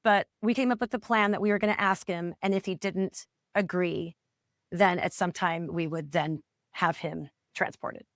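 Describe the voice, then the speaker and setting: A woman's voice: lowish voice, steady tone, moderate pace, dry recording, studio quality. A woman in her forties, a parent coach, telling her family's story in an interview with earnest feeling and acting out the remembered dialogue. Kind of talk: candid personal storytelling in a podcast interview.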